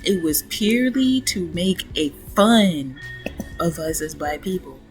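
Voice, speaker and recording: Blunt, opinionated woman with a low voice. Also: expressive, a little slow, faint music behind. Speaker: commentary vlogger. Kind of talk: casual reaction commentary.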